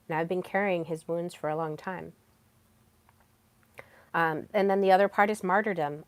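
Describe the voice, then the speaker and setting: Brief: woman host, solo podcast, frank and casual, curses easily, lower-pitched voice, dry close sound. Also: fairly even intonation, normal speed, pauses often, dry recording. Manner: frank and casual, swears freely, self-disclosing. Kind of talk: candid solo podcast monologue.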